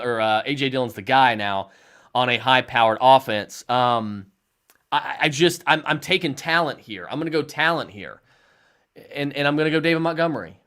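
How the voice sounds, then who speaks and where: A man's voice: mid-range voice, sharp tone. A young man hosting a live fantasy football stream, rambling through start-or-sit picks for viewers and often repeating himself.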